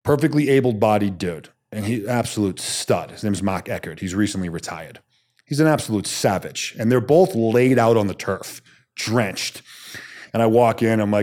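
Thirtysomething guy, lowish voice, tells army stories blunt and animated, swears some. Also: a little fast. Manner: animated storyteller who acts out quotes, blunt and salty. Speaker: podcast guest, Army special forces soldier. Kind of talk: storytelling in a casual interview.

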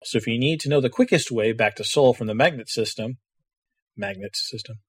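A man's voice: medium pitch, a little fast, husky, no room sound, clean studio sound. A man co-hosting a podcast in casual chat, laughing often and joking around. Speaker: podcast co-host.

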